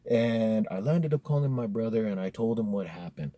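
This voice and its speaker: Man, low voice, husky, casual profane storytelling, laid-back. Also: fairly quick, few pauses, mellow, dry recording.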